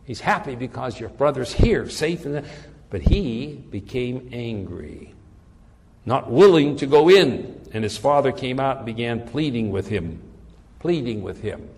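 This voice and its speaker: A man's voice: mid-range voice, very animated, a little slow, darkish tone. Earnest preaching man, echoing hall. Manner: earnest, repeats words while searching for phrasing. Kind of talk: sermon.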